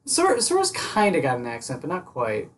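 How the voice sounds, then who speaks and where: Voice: medium pitch, wildly swooping pitch, a little fast, slight background noise. A streamer with a Midwestern American accent in casual, teasing chat. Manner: chatty, teasing.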